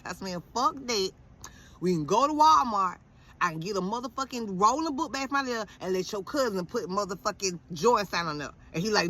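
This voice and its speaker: Animated, profane woman telling a story. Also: medium pitch. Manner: animated, profane, quick to quote others. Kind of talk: casual storytime.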